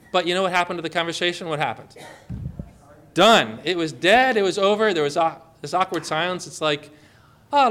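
A man with a notably high voice preaches in an easygoing, conversational way. He leans on stories and rhetorical questions to draw the listener in. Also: pushed and bright. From Connecticut. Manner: storytelling, full of rhetorical questions. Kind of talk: conversational sermon on evangelism.

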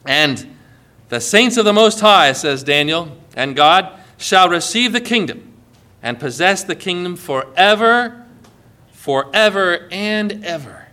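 A male pastor delivering a sermon with a high, bright voice. He preaches earnestly, building to ringing exhortations. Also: expressive, slow.

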